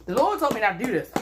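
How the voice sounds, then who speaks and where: A woman's voice: medium pitch, background noise. A woman vlogger in a casual challenge video, exclaiming, swearing and chatting to her viewers in slangy, drawling informal talk.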